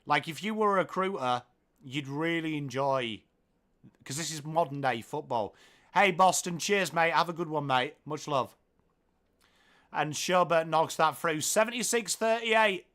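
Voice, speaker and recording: A man with an English accent calls the game live and chats with his stream viewers as he goes. His voice sits high, and his delivery is casual and talkative, rising when a goal goes in. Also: measured pace. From England. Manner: chatty, reads viewer comments aloud, gets excited at goals. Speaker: livestream watchalong host. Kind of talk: live commentary and chat with viewers.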